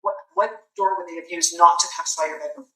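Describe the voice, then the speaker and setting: A woman interviewer in a recorded police interview, speaking in a steady, reassuring way and explaining at length. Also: fairly low pitch, fast talker. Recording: roomy, distant from the mic, faint background hum.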